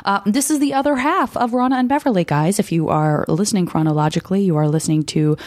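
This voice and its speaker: A woman's voice: medium pitch, fast, darkish tone, no echo, clean studio sound. A woman hosting a podcast, chatting casually through her intro with lots of fillers and asides. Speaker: podcast host.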